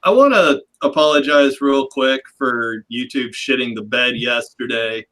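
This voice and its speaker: A man's voice: medium pitch, unhurried, bright, forceful tone, poor audio. A man hosting a livestream panel in casual chat, talking loosely and rambling with a self-deprecating humor. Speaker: livestream host.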